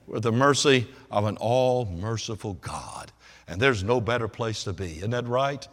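A man preaching a sermon, swinging from hushed, quiet passages to loud, emphatic ones. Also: lowish voice, animated, normal speed. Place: church service. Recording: long reverb of a large hall.

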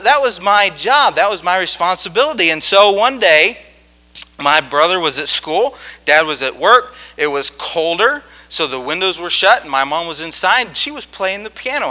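A man preaching a sermon, telling a childhood story in a folksy, animated way and often checking in with his listeners. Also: on the high side. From rural farm upbringing.

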